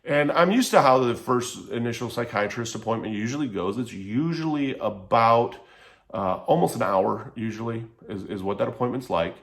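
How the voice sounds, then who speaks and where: A man's voice: medium pitch, normal speed. A man telling a personal story to camera in a casual, heated, profane way. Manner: heated, profane, animated retelling.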